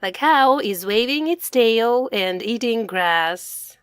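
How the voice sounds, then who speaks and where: Very slow expressive woman storyteller. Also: on the high side, clean tone, dry recording, clean studio sound. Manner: slow, expressive, sing-song storytelling for children. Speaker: storybook reader and author. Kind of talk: children's story read-aloud.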